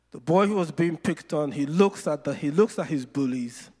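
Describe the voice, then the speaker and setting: A man preaching a sermon, telling stories with playful asides and slowing down to stress scripture. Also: a little high, expressive, warm tone, breathy edge. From Nigeria. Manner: storytelling with playful asides and slow, emphatic scripture lines. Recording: long hall reverb.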